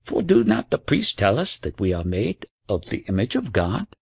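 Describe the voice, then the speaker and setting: A man reads the part of a tiny male creature in a spoken storybook, scornful and narrow-minded. He sounds dismissive and indignant, and the low voice is husky and gravelly. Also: big pitch swings, normal speed, no echo, studio quality, full character voice.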